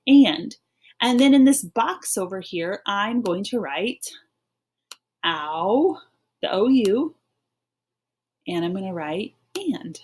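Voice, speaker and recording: Slow, patient woman teaching phonics. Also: mid-range voice, lively intonation, a little mellow. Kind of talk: online reading lesson.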